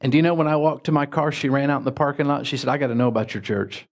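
A man preaching as a pastor, telling folksy stories with lively jumps in his voice. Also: rapid-fire. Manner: folksy, animated anecdotes with sudden pitch jumps. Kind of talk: sermon with storytelling.

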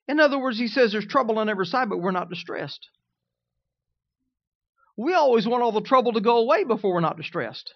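A man preaching as a pastor, swinging between loud, emphatic lines and quiet, conversational asides. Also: high voice, lively intonation, brisk, pauses often, dry recording, highs cut off. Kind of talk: sermon.

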